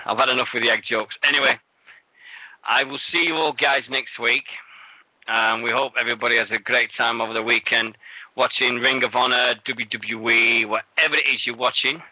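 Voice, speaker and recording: A man's voice: mid-range voice, bright, forceful tone, dry recording, rough recording. Sweary English man hosting radio. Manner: blunt and sweary, laughs often. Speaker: radio show host. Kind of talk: casual chat.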